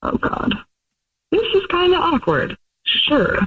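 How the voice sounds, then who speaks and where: A woman's voice: extremely high pitch, very animated, slow. A woman calling in to a radio show, talking casually and hesitantly with many ums and laughs. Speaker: caller. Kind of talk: casual phone chat. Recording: phone line.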